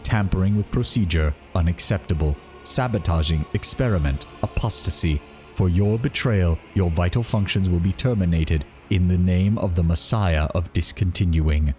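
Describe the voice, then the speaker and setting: A man voicing a stern male tech-priest, speaking in slow, clipped, flat pronouncements. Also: deep voice, faint music behind, close to an everyday voice. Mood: cold condemning. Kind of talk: game dialogue read aloud.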